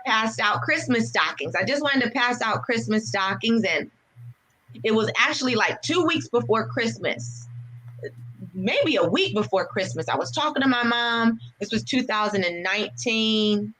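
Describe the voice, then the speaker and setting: A woman's voice: a little high, expressive, moderate pace, fairly bright tone, poor audio. A woman, a veteran, telling her story of faith and service in an earnest, heartfelt way during an interview. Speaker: guest, veteran and nonprofit founder. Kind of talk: personal testimony in an interview.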